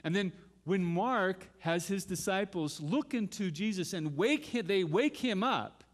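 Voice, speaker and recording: A man's voice: sits high, expressive, unhurried. A middle-aged man preaching a sermon as pastor, dramatically reading scripture and acting out pleas to God.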